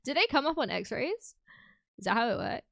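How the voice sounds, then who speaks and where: A chatty young woman talking to her viewers on a stream, her voice on the higher side. She rambles in a loose, giggly way, full of little fillers. The sound is close and dry, with no room around it. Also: big pitch swings, moderate pace, gravelly, a bit bright, no echo. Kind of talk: casual chat with live chat.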